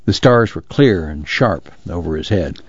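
A man narrating an audiobook in a measured, even reading. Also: sits low, slightly rough, no echo, dull audio.

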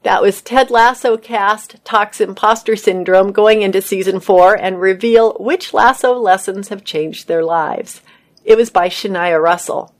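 Woman news reader, mid pitch, steady read-aloud pacing, entertainment stories. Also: unhurried. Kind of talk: reading news articles aloud.

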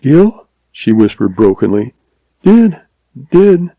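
A man reading aloud voices a young woman who speaks earnestly with a breathy catch in her voice. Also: medium pitch, very animated, slow, no echo, muffled recording, voice pushed up, heavily acted. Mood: broken.

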